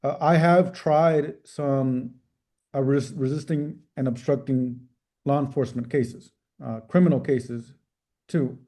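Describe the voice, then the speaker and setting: A middle-aged man, a trial attorney, answering interview questions in a measured, careful way with frequent restarts. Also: medium pitch, steady tone, mellow. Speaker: civil rights trial attorney.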